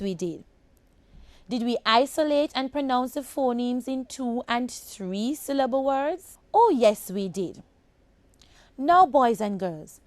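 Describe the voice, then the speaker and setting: A woman teacher with a Jamaican accent gives a recorded phonics lesson for children. She speaks slowly and deliberately and addresses the class as boys and girls. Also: a little high, darkish tone, no room sound.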